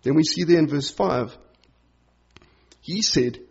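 A man with a slightly high, husky voice teaches a sermon in an easygoing, explanatory way. The recording sounds dull and lo-fi. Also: slow pace. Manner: informal and explanatory, with frequent "sort of" and "you know". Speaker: preacher. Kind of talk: conversational Bible teaching sermon.

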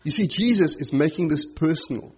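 A man with a slightly high, husky voice teaches a sermon in an easygoing, explanatory way. The recording sounds dull and lo-fi. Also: animated, a little fast. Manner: informal and explanatory, with frequent "sort of" and "you know". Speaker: preacher. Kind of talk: conversational Bible teaching sermon.

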